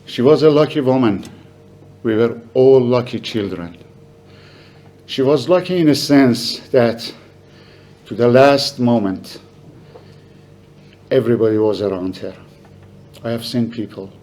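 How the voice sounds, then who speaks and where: An older man giving a halting, emotional memorial speech for his mother. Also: mid-range voice. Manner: halting, emotional, soft-spoken. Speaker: family member giving a eulogy.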